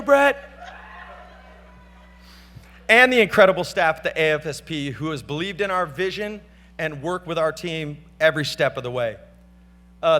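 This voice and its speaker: A man's voice: on the high side, fairly bright tone. A middle-aged man giving a casual, off-script acceptance speech at a gala, loose and slangy, calling out thanks to family and friends on a stage microphone. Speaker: award speaker at a gala. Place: large banquet hall. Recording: reverberant banquet hall with faint hum.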